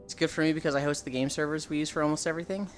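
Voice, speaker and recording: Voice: mid-range voice, flat delivery, rapid-fire, faint music behind. A young adult livestreamer in casual, rambling chat with viewers, swearing freely and answering chat as it comes. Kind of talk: casual live-stream chat.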